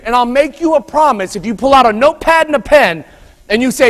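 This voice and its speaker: A man giving an energetic motivational speech at a conference, telling stories and drawing call-and-response from a live audience. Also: very high-pitched, brisk, big-room sound. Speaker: motivational speaker. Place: large conference room before a live audience.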